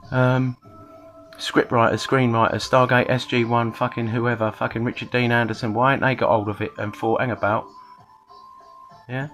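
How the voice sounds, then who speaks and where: A man's voice: medium pitch, fairly bright tone, a little hiss or hum. A man, talking in a casual rambling monologue, swearing a lot and restarting his sentences. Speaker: channel host.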